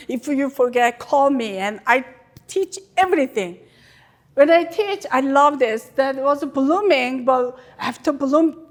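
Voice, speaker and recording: Korean-accented woman, high and lively. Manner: chatty, animated, non-native grammar. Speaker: guest lecturer. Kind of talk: lecture with slides.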